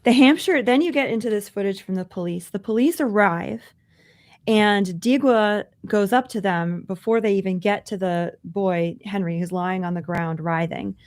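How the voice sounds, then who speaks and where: A woman co-hosting a podcast, earnestly recounting a news story in conversational commentary. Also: medium pitch. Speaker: podcast co-host.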